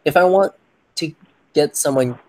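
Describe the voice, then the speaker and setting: A man's voice: on the high side, measured pace, poor audio. A man co-hosting a podcast in casual chat, making his case point by point. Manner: argumentative, reasoning point by point. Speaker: podcast co-host.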